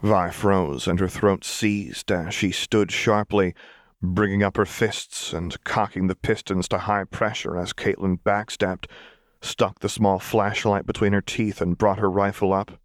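Slow, deep-voiced male narrator. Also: little pitch movement, no room sound, studio quality. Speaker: audiobook reader. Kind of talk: scripted narration.

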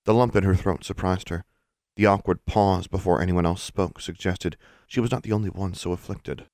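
A man narrating an audiobook in a steady, measured reading voice. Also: sits low, dry recording, studio quality.

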